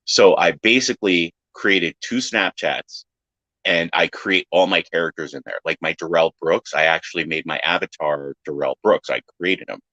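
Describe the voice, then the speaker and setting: A man in casual chat who tells animated stories, acting out other people's lines in silly high voices and swearing freely. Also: moderate pace, no room sound. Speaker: podcast panelist. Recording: dry, dull lo-fi sound.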